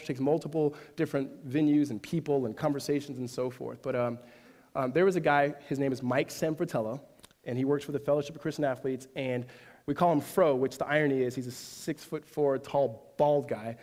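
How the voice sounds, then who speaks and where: A man's voice: medium pitch, fairly even intonation, brisk, a little mellow. A man preaching a sermon in a casual, conversational way, his voice climbing to emphatic peaks. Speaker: pastor. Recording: hall reverb.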